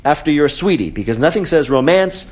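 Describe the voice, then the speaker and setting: Lively joking quiz show host. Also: male voice, a little high, a little fast, muffled recording. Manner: jokey, mock voices for laughs. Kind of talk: live radio comedy quiz hosting. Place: auditorium with live audience.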